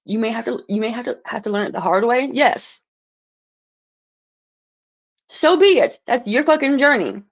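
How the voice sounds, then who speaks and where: A woman's voice: on the high side, fairly quick, few pauses, muffled recording. A woman livestreaming an angry, profane rant, stumbling and restarting words as she gets heated.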